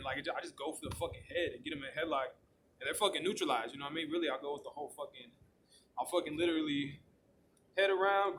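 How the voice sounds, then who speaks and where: A man chatting casually as host, rambling with heavy swearing and lots of fillers. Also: a little high. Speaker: channel host. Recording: loud background noise with clicks.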